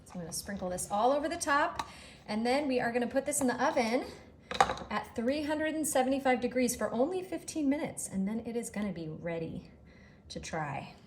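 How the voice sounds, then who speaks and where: A woman with a somewhat high voice hosts a relaxed cooking demonstration in her home kitchen. She chats eagerly as she works, speaking now and then to her partner off camera. A faint hum of the room sits under her voice. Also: a little fast. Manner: chatty and enthusiastic, talking to a partner off camera. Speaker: cooking show host.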